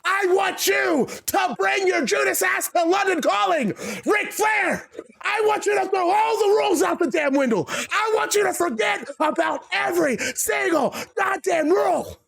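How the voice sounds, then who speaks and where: A man's voice: very high-pitched, very animated, unhurried, creaky, a bit bright, full character voice. A man voicing a furious male wrestler who screams and curses threats. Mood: enraged. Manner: screaming, cursing.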